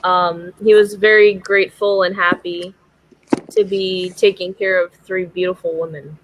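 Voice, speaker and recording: A man's voice: sits high, little pitch movement, measured pace, background noise. A man chatting on a live web show, hesitant and a little awkward. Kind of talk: casual live-stream chat.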